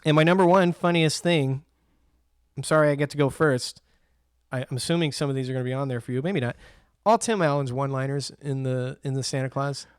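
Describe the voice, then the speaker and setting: A man's voice: medium pitch, a little fast, clear, resonant tone, no room sound, studio quality. A man co-hosting a podcast, chatting casually and acting out movie scenes with lots of laughter. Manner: animated storyteller, acts out scenes, laughs often. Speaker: podcast co-host. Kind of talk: casual chat about movies.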